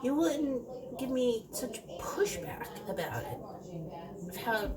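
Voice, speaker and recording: A woman's voice: a little high, animated, extremely slow, low-quality recording. A middle-aged woman working as a construction field manager, telling a story in a blunt, direct way in a casual vlog. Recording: crowd chatter in background.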